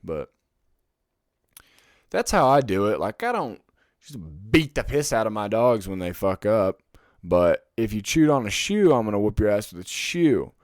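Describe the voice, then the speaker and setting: A young man hosting a podcast alone, rambling in casual chat, swearing often and getting loud and heated when he rants. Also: fairly low pitch, sing-song, moderate pace, dry recording, studio quality. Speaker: podcast host.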